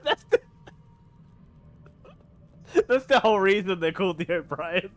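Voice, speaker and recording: A man's voice: sits high, animated, a little slow, faint music behind. A man streaming a video game, chatting casually with viewers, swearing freely and laughing often. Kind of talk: casual gaming stream chat.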